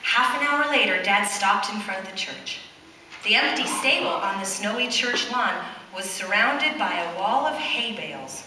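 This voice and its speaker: A woman reading a picture book aloud to children in a church, pausing to ask them questions. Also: medium pitch, noisy background. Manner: animated, questions the children as she reads. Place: church, large indoor space. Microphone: far camcorder. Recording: echoey church hall from far off.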